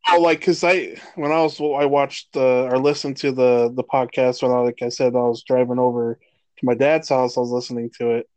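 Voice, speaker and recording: A man in his thirties co-hosting a casual sports podcast, swearing freely and ranting with animated energy. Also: mid-range voice, brisk, dry recording. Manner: profane, animated rants. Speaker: podcast co-host.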